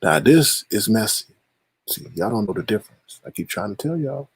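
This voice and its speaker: Male livestream host with a gravelly, raspy voice; playful, shady gossip commentary while reading chat. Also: fairly low pitch, very animated, moderate pace.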